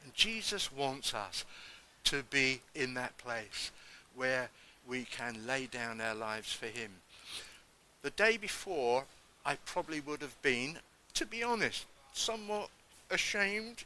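Bright-voiced man preaching. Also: expressive, takes it slowly, a little hiss or hum, low-quality recording. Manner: emphatic storytelling, acting out quotes with big pitch swings. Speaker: preacher giving testimony. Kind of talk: sermon testimony.

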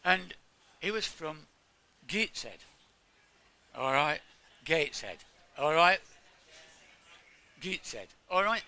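A man's voice: a little high, unhurried, pushed and bright, smooth. An older man from England giving an informal sermon, chatting with his congregation and asking them questions. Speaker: preacher.

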